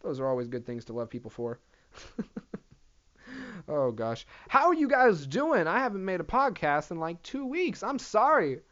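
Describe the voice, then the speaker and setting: A man's voice: fairly high pitch, moderate pace. A man hosting a solo comedy podcast, rambling and swearing freely. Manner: profane, rambling, animated. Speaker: podcast host. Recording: dull lo-fi audio.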